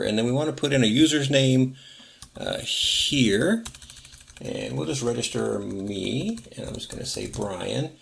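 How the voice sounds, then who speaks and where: A man hosting a tech tutorial, casually narrating each step of a software setup and correcting himself as he goes. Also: mid-range voice, gravelly. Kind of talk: screen-recorded software walkthrough.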